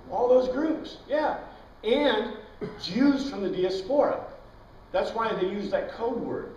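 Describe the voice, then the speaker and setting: A man's voice: sits high, animated, slow, darkish tone. A man teaching an informal Bible class, chatty, quizzing his students and wandering into tangents. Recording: dull, echoey room recording from far off.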